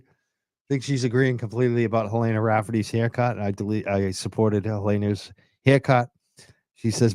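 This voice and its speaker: A man's voice: mid-range voice, moderate pace, no echo, clean studio sound. A man hosting a livestream, chatting casually, reading out viewer comments and laughing between lines. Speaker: livestream host.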